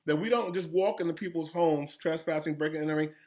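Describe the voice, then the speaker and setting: The reader is a male school principal sharing a children's story with young students, speaking fast in a fairly high register. Along the way he throws in animated, gasping asides like a teacher would.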